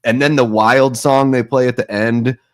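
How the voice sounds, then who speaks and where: A man's voice: medium pitch, steady tone, normal speed. A man co-hosting a casual film review chat, critical and casual, with some swearing. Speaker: podcast co-host.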